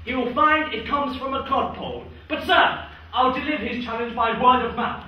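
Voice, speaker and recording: A student actor playing a boisterous, scheming drunken knight in a Shakespeare stage performance, loud and declamatory. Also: male voice, extremely high pitch, moderate pace, highs cut off, a little hiss or hum. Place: theatre stage. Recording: echoey hall from far off.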